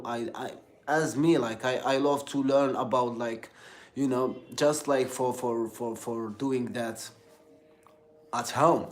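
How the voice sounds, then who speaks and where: A man from Algeria with an Algerian accent, chatting casually on a livestream in halting English full of fillers and repeated words. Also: mid-range voice. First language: Algerian Arabic. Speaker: livestream host.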